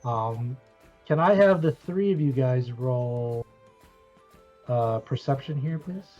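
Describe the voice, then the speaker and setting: Slow game master voice, lots of uhs, kinda muffled stream audio. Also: mid-range voice, faint music behind. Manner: halting, many uhs. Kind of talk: narrating a tabletop game.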